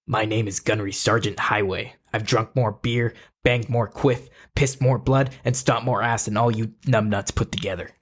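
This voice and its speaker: A man voicing a gruff, boastful male gunnery sergeant who brags slowly in a growl. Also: lowish voice, fairly even intonation.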